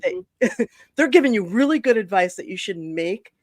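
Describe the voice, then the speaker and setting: A woman's voice: medium pitch, sing-song, normal speed, no room sound. A woman hosting a chat show over a video call, telling a frank story in a rambling way full of fillers and restarts. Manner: rambling, frank, with many fillers and self-corrections. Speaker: host. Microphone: video call streaming setup.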